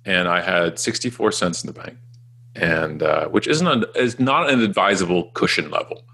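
A very low, gravelly man's voice with a bright, slightly husky edge. He is a Canadian guest in his forties, chatty and self-deprecating, who tells his stories by acting out what everyone said. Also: expressive, moderate pace. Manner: chatty, self-deprecating, acts out quoted dialogue. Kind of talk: casual storytelling interview.

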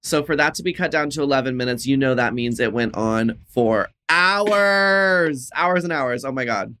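Bright, playful woman on a video call. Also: a bass voice, expressive, normal speed. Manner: playful, exclamatory, laughs often. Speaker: drag performer guest. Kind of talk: casual chat.

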